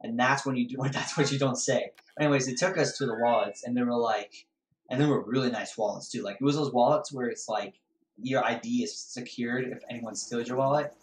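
Speaking briskly at medium pitch, with a little hiss or hum on the recording, a gamer tells a loose, rambling store anecdote. Fillers and "man" crop up constantly, and game music runs behind him in a roomy, echoing space.

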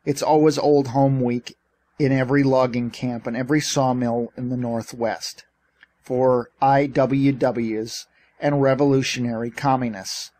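A man voicing a shrill, feisty old shipping boss in an audiobook, bantering and bossy. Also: steady tone, unhurried, a little mellow, natural voice. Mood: triumphant. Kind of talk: audiobook character reading.

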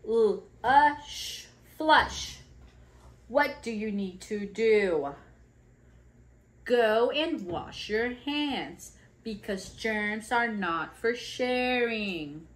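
A woman reading a picture book to toddlers in a slow, sing-song way, acting out sneezes and sounds. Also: on the high side, lively intonation. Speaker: children's educator reading aloud.

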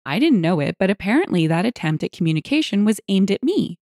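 A woman narrating internet stories aloud, with lively, expressive storytelling. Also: mid-range voice, fast talker, dry recording, clean studio sound.

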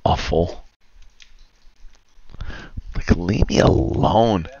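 A man's voice: sits low, drawn-out words, mellow, dull audio. A man streaming a video game, grumbling and cursing in a casual rant with muttered asides. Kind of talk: casual rant while gaming.

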